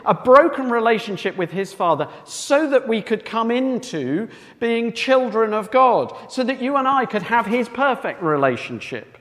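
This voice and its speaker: A man with a high, somewhat bright voice preaches a sermon with emphasis, often putting rhetorical questions to his listeners. The hall gives the recording a long reverb.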